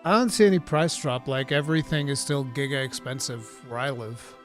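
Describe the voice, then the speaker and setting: A man hosting a live gaming talk stream, reading chat questions and chatting casually in an animated, rambling way. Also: mid-range voice, brisk, soft background music. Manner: animated, excitable, rambling with restarts.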